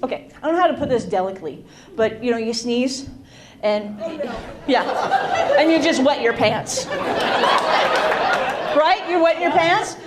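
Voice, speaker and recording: A woman's voice: high-pitched, very noisy. A middle-aged woman doing stand-up comedy and working the crowd, brash and self-mocking, often laughing. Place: comedy club stage. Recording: live club with loud crowd. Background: audience laughter and chatter.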